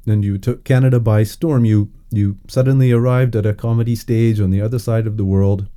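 Low, mellow male host, casual interview, encouraging, lots of hums. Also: fairly even intonation, a little fast. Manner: encouraging, with many hums and ums.

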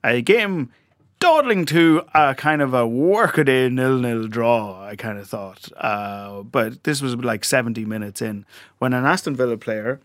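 A man's voice: medium pitch, a little slow, dry recording, studio quality. A man from Ireland hosting a chat show, telling a story in a rambling, laughing way with lots of filler sounds. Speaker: podcast host. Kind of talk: casual chat.

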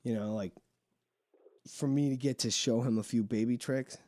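Mellow-voiced man hosting a crude podcast. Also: mid-range voice, normal speed, no echo. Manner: crude, laughing, frank and excited. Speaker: podcast host. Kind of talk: casual chat.

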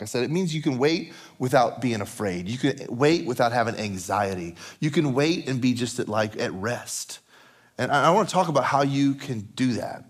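A man's voice: mid-range voice, expressive, a little fast. A man preaching a sermon as a pastor, conversational and repeating phrases for emphasis.

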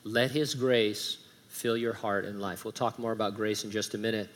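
A man's voice: fairly low pitch, fairly even intonation, moderate pace. A middle-aged male pastor preaching a sermon, reading scripture aloud with emphasis and adding humorous asides.

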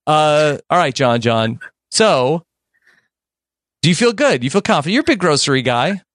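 A man's voice: on the high side, sing-song, normal speed, a bit bright, no room sound, clean studio sound. A man hosting a mock game show over a video call, rambling through his lines with lots of fillers.

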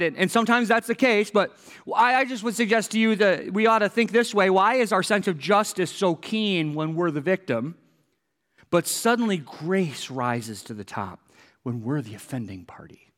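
A man's voice: on the high side, expressive, normal speed, fairly bright tone, in a large hall. A man preaching a sermon as pastor, earnest, repeating key phrases for emphasis, with wry asides.

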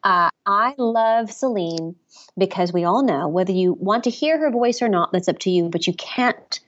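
A woman impressionist being interviewed over the phone, talking in animated, chatty bursts and correcting herself as she goes. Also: medium pitch, moderate pace, lo-fi sound. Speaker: impressionist guest. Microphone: phone line.

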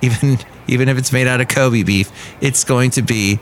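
A man's voice: medium pitch, fairly even intonation, moderate pace, slight background noise. A man hosting a podcast, riffing in a rambling, sardonic comedic monologue, recorded outdoors. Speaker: podcast host. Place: outdoors outside a café.

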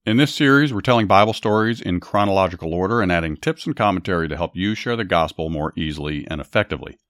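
Deep male podcast host, earnest scripted Bible narration, dry close mic. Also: quick pace, a bit bright, dry recording.

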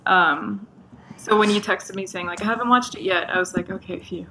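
A woman's voice: medium pitch, a little fast, pushed and bright, a little hiss or hum. A woman from Toronto with a Canadian accent, a guest chatting casually and giggly in an interview, with lots of fillers.

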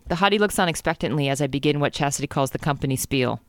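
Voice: medium pitch, quick pace, no echo, clean studio sound. A podcast co-host reading a romance novel aloud in a casual, comedic way, giggling and stumbling over words.

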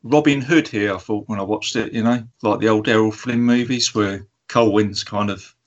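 With a lowish voice at a moderate pace, another film review podcast co-host chats casually, rambling hesitantly with plenty of ums and laughter. The audio sounds dull.

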